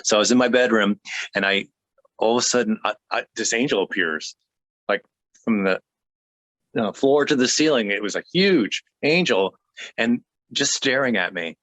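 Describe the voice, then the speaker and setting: A man guest telling a personal faith story in an earnest, halting way, with many restarts. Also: lowish voice, fairly bright tone, no echo.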